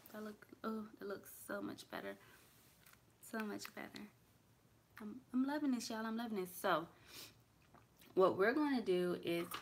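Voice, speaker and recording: A young woman chatting casually through a makeup tutorial in her bedroom, talking to viewers and thinking aloud as she works. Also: mid-range voice. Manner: chatty, talks to viewers as y'all, thinks aloud while working. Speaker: beauty vlogger. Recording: clear background noise.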